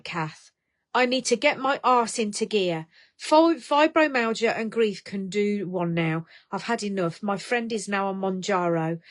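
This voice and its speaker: Blunt, chatty middle-aged Englishwoman. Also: medium pitch. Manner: blunt, chatty, swears freely, tough-love pep talk. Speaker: live stream host. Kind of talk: casual live stream chat.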